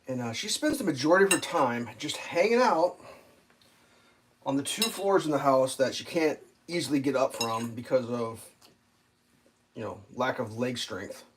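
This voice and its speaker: A man talks in a loose, rambling way, swearing freely and trailing into fillers. His pitch sits at an ordinary middle height. Faint noise runs underneath him, with cutlery and dishes clinking now and then. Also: lively intonation, moderate pace, pauses often. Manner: rambling and profane, with frequent fillers and laughs. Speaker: live streamer. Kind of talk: casual rambling chat.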